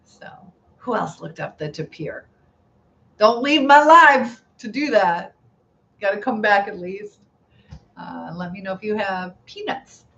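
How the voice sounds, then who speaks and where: A middle-aged woman with a medium-pitched, expressive, fairly bright voice and some vocal fry takes her time as she hosts a casual live stream. She chats and giggles through viewer comments, heard on slightly dull lo-fi audio with faint noise.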